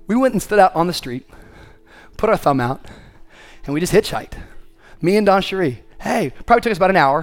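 A man preaching a sermon as pastor, swinging from quick storytelling to loud, drawn-out preaching. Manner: builds to loud, high-pitched preaching, then drops to quick conversational storytelling.

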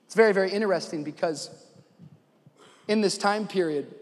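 A male pastor preaching a sermon, moving from conversational storytelling to loud, urgent exhortation. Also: sits high, moderate pace, in a large hall.

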